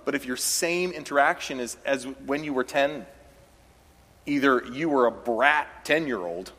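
A man's voice: mid-range voice, unhurried, pushed and bright. A man from the South, a pastor preaching a sermon in a conversational way that rises into emphatic bursts. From American South. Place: church sanctuary. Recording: church hall with long reverb.

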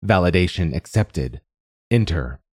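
A man voicing a cold guard automaton with a gravelly, muffled voice. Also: low-pitched, expressive, unhurried, darkish tone, no echo, heavily acted. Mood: flat.

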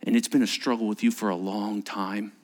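A man preaching as pastor at a church service. His delivery is animated, swinging between emphatic points and hushed, whispered asides. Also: on the low side, fairly quick. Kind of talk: sermon.

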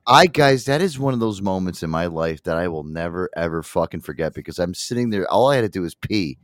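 A man's voice: deep voice, animated, brisk, no room sound, clean studio sound. A man co-hosting a casual podcast, telling a profane story with lots of laughter. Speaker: co-host.

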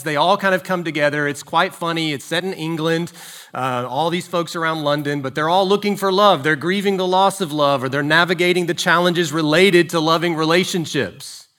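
A man's voice: on the high side, sharp tone. A man preaching a sermon to his congregation, playful and joking, asking the room questions. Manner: playful, jokey, engages the congregation. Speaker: pastor. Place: church.

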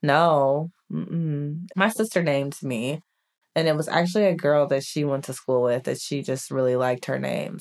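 A woman with a notably low voice speaks as a podcast guest. She tells personal stories in a relaxed, chatty way, and "like" fills her pauses often. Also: creaky. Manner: chatty, frequent "like" fillers. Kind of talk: casual conversational storytelling.

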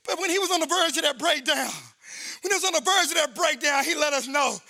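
Man, pastor, fervent sermon, shouting, piercing bright tone. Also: very high voice, fast talker, creaky, no echo, clean studio sound. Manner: fervent, shouting preacher with call-and-response lines.

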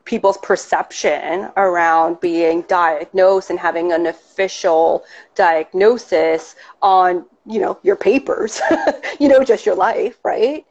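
A woman's voice: on the low side, slow pace, a little mellow. Chatty woman on dull lo-fi audio. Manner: conversational, chatty, questions with many "you know" and "right". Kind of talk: casual conversation.

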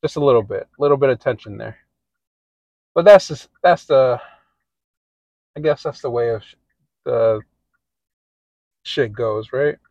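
A man's voice: mid-range voice, measured pace, pauses often, a little mellow, no room sound, dull audio. A man hosting a casual podcast monologue, telling a story in a rambling, profane way. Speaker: podcast host.

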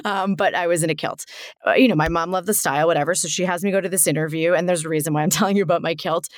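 A woman's voice: on the low side, fairly even intonation, very fast, dry recording, clean studio sound. A woman hosting a podcast, telling a story in a chatty way, laughing often and restarting her sentences. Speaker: podcast host. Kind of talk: casual conversational storytelling.

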